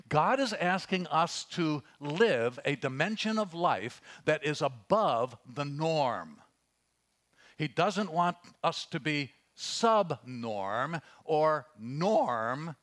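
A pastor preaching a sermon, reading scripture and telling stories, dropping to a hush and then rising for emphasis. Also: male voice, fairly high pitch, very animated, takes it slowly. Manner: earnest preaching, swings from hushed storytelling to raised emphasis; reads scripture aloud, with fillers and restarts.

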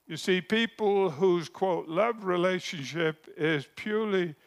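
A male preacher with a gravelly, slightly higher-than-average voice, speaking slowly and deliberately. He tells stories in his sermon, dropping to a hush and then lifting his voice for emphasis. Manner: storytelling, drops to a hush for anecdotes then rises with emphasis.

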